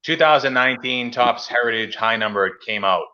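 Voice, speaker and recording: On a muffled recording, a Massachusetts podcast host chats about his hobby at a brisk clip, his medium-pitched voice pushed and bright. He tells stories chattily, acting out phone calls he quotes.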